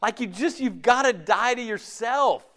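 A man preaching a sermon in a conversational, animated way, often acting out imagined voices. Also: extremely high pitch, a little slow.

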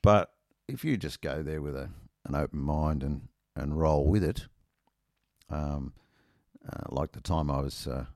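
A man's voice: a bass voice, a little slow, darkish tone, no echo, studio quality. A middle-aged Australian man telling a rambling, self-mocking anecdote in casual chat, full of ums and uhs.

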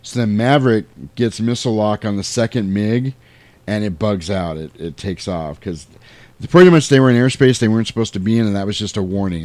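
Low-pitched male co-host, loose and chatty, retells scenes with playful quoted voices. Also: fairly quick, a little mellow, no echo. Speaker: podcast co-host recapping a film. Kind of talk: casual chat.

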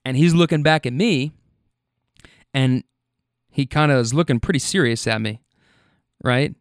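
A man working as a rideshare driver, telling stories in an animated way, swearing freely and using plenty of fillers. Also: mid-range voice, measured pace, no room sound, clean studio sound. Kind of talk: casual storytelling.

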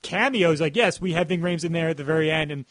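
A man's voice: fairly high pitch, quick pace, fairly bright tone, no echo. A man hosting a casual podcast chat, rambling with many "like" fillers. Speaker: podcast host.

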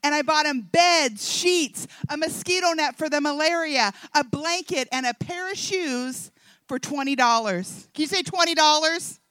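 Bright, high-voiced woman telling a story. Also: a little slow, no room sound. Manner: animated storytelling, acting out the dialogue. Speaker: speaker at a Christian event. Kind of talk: humorous testimony talk to an audience.

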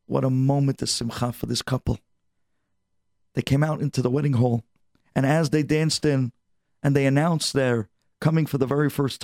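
A man telling an animated, expressive story on a radio show. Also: on the high side, vocal fry, no echo, clean studio sound.

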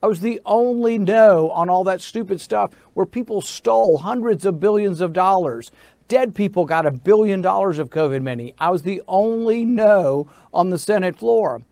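A man's voice: high-pitched, normal speed, darkish tone, no room sound. A middle-aged American man who is a senator, telling a story in an interview in an insistent manner that builds to indignation. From United States.

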